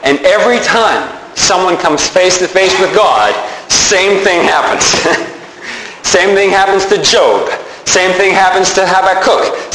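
A man preaching in an animated storytelling manner, slipping into the voices of the people in his stories. His voice sits a little high, and it rings out in a reverberant room with a faint hum of background noise. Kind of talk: sermon.

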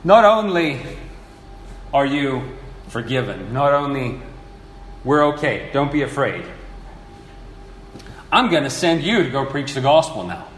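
A man preaching a sermon, earnest and animated, acting out the people he quotes. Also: medium pitch, a little slow, pauses often, a little hiss or hum. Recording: echoey hall with faint ambience.

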